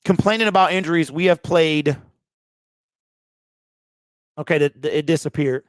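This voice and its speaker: A man's voice: fairly high pitch, normal speed, dry recording, studio quality. A man hosting a postgame fan call-in show, ranting in a heated, exasperated way and repeating himself.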